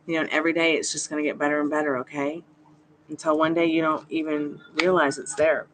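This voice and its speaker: A woman's voice: low-pitched, flat delivery, fast talker, a bit bright, a little hiss or hum. A woman hosting a live tarot reading stream, chatty and reassuring as she greets viewers by name. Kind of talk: casual live-stream chat.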